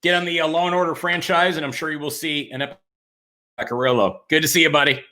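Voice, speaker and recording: A man's voice: a little high, fairly even intonation, quick pace, sharp tone. A man hosting a casual interview, enthusiastic, laughing often and plugging his guest. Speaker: host.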